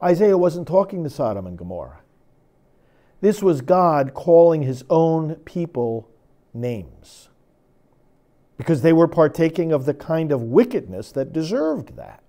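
A man's voice: fairly high pitch, sing-song, unhurried, warm tone. A man who is a priest, giving a sermon and reading scripture with emphatic, dramatic force.

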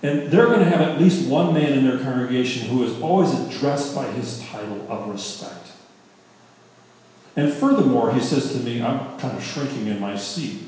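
A middle-aged male pastor telling a story in a sermon, in a conversational, animated way, correcting himself as he goes. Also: medium pitch, moderate pace. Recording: very echoey hall, speaker far from mic.

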